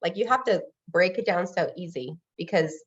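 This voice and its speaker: A woman with a lowish voice, speaking at normal speed, is interviewed casually about her job as a loan officer. With highs cut off in the recording, she talks energetically and acts out quoted exchanges with clients.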